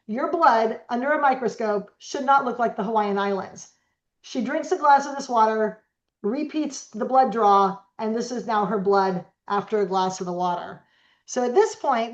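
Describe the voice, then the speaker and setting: Middle-aged woman, lively storyteller, slightly high voice, echoey dull lo-fi sound. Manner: animated storyteller acting out quoted voices. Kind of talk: storytelling interview talk.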